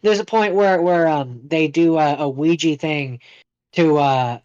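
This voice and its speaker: A man co-hosting a podcast, chatting casually in a halting way with many hedges and fillers. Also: on the high side, a little mellow, clean tone, no echo, muffled recording. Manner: halting, hedging, lots of fillers. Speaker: podcast co-host. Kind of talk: casual chat.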